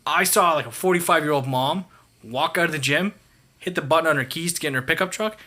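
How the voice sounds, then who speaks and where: A man's voice: a little high, fast talker, pushed and bright. A man from Canada in casual podcast chat, swearing freely and telling stories. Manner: swearing, storytelling. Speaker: podcast guest.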